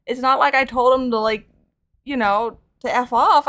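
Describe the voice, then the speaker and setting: A woman's voice: high-pitched, moderate pace. A young woman chatting casually and playfully while painting figures on stream, rambling through stories. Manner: rambling, playful, animated storytelling. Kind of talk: casual chat while crafting.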